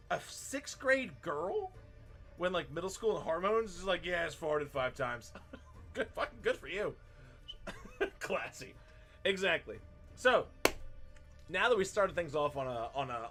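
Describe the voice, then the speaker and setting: A man in his thirties, a streamer who also teaches, tells a story casually on stream, swearing heavily and laughing often. His voice sits on the high side and sounds a bit bright.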